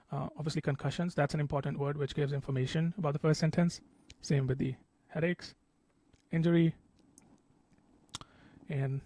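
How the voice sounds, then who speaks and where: A man's voice: on the high side, darkish tone, no room sound. Patient man tutoring with a dry, close sound. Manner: patient, repeats example sentences slowly, frequent "okay". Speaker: test prep tutor. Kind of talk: explanatory tutorial.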